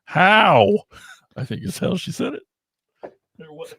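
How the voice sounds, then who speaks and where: A man hosting a podcast in casual chat, rambling and excitable, often trailing off and starting over. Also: sits high, normal speed, creaky, husky, dry recording. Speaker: podcast host.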